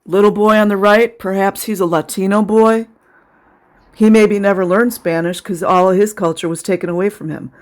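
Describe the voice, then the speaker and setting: A commentator narrates footage in a casual vlog voice, cutting between biting sarcasm and open indignation. The voice sits at an ordinary middle pitch and often sounds near tears. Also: fairly even intonation, normal speed. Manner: emotional, close to tears. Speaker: video commentator.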